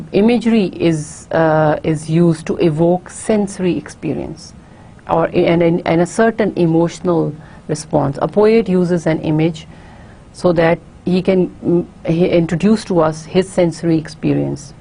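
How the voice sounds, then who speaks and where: Lecturing woman with a mellow, lowish voice. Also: unhurried, vocal fry, breathy edge. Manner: careful and explanatory, with frequent fillers and restarts. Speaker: university lecturer. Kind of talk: recorded online lecture.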